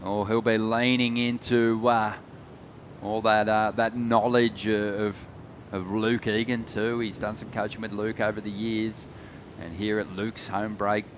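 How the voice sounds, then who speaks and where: An Australian man doing live play-by-play surf commentary, steady and informative with friendly banter. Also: fairly low pitch, measured pace, slight background noise.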